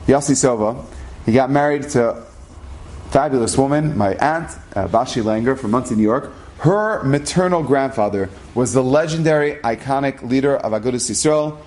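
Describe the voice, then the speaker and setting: Guy telling a story about his childhood, animated and chatty. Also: mid-range voice. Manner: animated, conversational. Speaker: speaker.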